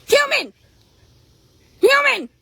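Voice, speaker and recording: A woman's voice: very high voice, sing-song, drawn-out words, gravelly, pushed and bright, dry recording, pitched above the performer's own voice, full character voice. A woman voicing the thoughts of a cheeky, stubborn male horse in a mocking tone. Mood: calling out.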